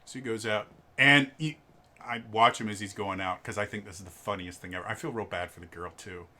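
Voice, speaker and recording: A man in his twenties telling an animated, casual story about his old retail job. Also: lowish voice, a little fast. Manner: animated, lively storytelling with restarts. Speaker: storyteller, former retail tech manager. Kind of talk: casual anecdote.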